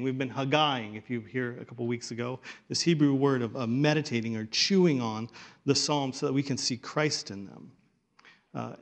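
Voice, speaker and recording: A male pastor preaching a sermon to a church congregation, conversational and then building to emphatic points. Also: a little high.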